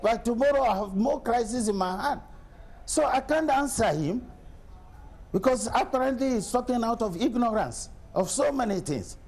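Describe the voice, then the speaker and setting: Middle-aged guy from nigeria, governor on a tv interview, gravelly voice pitched kinda high, pushes back hard with questions. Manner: forceful, argumentative, asks rhetorical questions. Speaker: state governor. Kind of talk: TV news interview.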